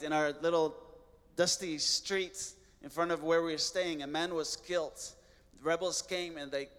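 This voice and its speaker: A man, a missionary guest, telling a personal testimony in an earnest way, with halting restarts. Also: fairly high pitch, a bit bright, in a large hall.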